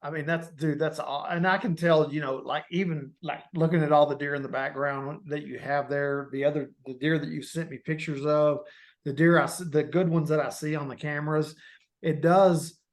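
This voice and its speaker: Mid-pitched casual podcast host. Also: male voice, fairly even intonation, normal speed. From Texas. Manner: casual, agreeable. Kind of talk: casual chat.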